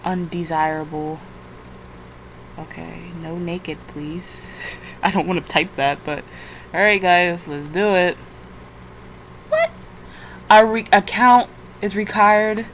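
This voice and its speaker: A woman's voice: lowish voice, fairly even intonation, takes it slowly, pauses often, slight background noise, rough recording. A tired woman rambling through a casual screen-recording vlog, swearing often and flaring into frustrated outbursts. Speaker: vlogger.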